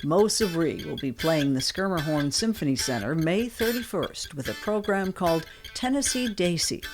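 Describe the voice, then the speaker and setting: A woman hosting a radio talk show, introducing and interviewing a guest with measured, friendly questions. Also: low-pitched. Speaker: radio host.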